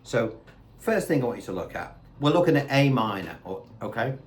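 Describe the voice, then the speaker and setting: A man's voice: medium pitch, sing-song, brisk, slight background noise. Chatty man teaching guitar. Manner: chatty, asks rhetorical questions. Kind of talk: casual guitar lesson. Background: faint guitar and backing tracks.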